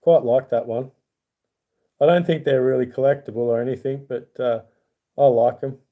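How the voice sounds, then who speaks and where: A man's voice: medium pitch, fairly even intonation, moderate pace, narrow, tinny audio. A middle-aged Australian man hosting a casual livestream, rambling in a friendly way and reading viewer comments aloud. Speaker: YouTube channel host.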